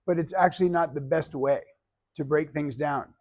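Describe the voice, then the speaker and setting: Animated male public speaking coach. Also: a little high, normal speed. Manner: animated, acts out quoted voices. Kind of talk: classroom feedback and storytelling.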